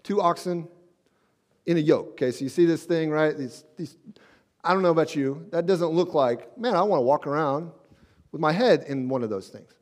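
A man preaching a sermon as pastor in a conversational way, dropping soft and slow when he quotes scripture. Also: on the high side.

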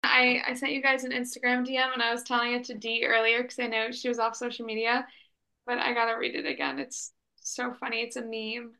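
A woman's voice: fairly high pitch, a little fast, creaky, sharp tone. A woman co-hosting a podcast, chatting playfully and poking fun at herself. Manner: playful, self-mocking, laughing along. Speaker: podcast co-host. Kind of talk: casual podcast chat.

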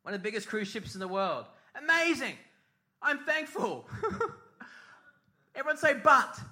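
A man's voice: very high voice, big pitch swings, unhurried, pushed and bright. A middle-aged man preaching a sermon as pastor, telling a comic story with sung mimicry and put-on voices.

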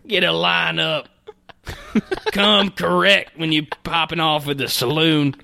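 A man's voice: on the high side, fairly even intonation, unhurried, gravelly, pushed and bright, no echo, heavily acted. A man putting on a brash, boastful cowboy bragging at a saloon. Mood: swaggering.

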